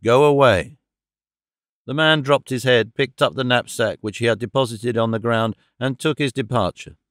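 Man, audiobook narrator, mid-pitched voice, steady, dry studio sound. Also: moderate pace, no echo. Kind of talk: scripted narration of a classic novel.

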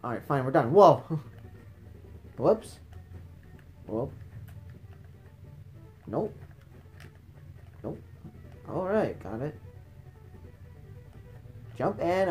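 A woman's voice: low-pitched, sing-song, takes it slowly, pauses often, warm tone, soft background music. A woman giving let's play commentary, taunting enemies and shrieking in frustration at the game. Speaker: gamer playing retro games.

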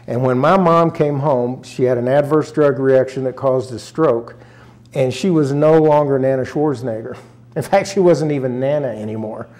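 Telling a family story as a guest in an interview, an older rural Arkansas man speaks with earnest emotion, his voice catching as he goes. He performs what his relatives said. His medium-pitched voice has a darkish tone and a normal pace.

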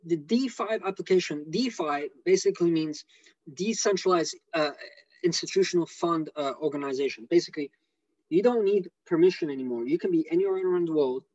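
A man with an English accent giving rambling, excitable commentary on a live stream over a video call. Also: on the high side, fairly quick, no echo, muffled recording. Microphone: computer mic on a video call.

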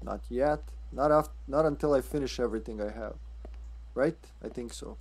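A man's voice: mid-range voice, moderate pace, a little mellow, husky. A man streaming a horror game live, commenting casually, often stammering, swearing and laughing.

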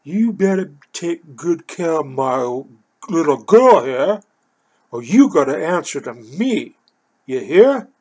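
Man playing a slow, menacing protective friend with a husky rasp. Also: sits high, animated, a little mellow, voice pushed up, exaggerated voice. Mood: stern warning. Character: stern man warning a young suitor.

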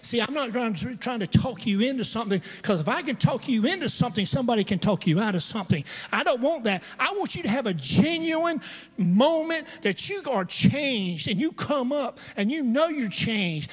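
A very high-pitched male voice with lively intonation and a fairly quick pace belongs to a pastor preaching in a church sanctuary. His storytelling sermon is humorous and conversational, sprinkled with asides to the congregation, and the hall's long reverb is audible.

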